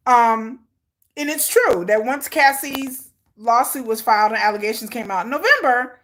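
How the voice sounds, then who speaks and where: Woman live streamer, high voice, cusses people out, talks blunt. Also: fairly bright tone. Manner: blunt, combative, cussing. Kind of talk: casual commentary live stream.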